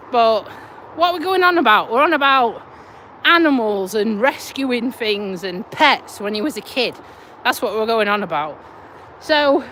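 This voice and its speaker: A woman's voice: sits high, a bit bright, slight background noise. A woman chatting casually on a live stream, telling animal rescue stories while she walks outdoors and laughing often. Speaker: vlogger.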